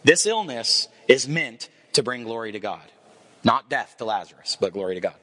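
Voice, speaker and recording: A man in his forties preaching a sermon, telling the story with lively acted-out quotes. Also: medium pitch, moderate pace, slightly rough. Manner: animated storyteller acting out quoted voices. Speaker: pastor.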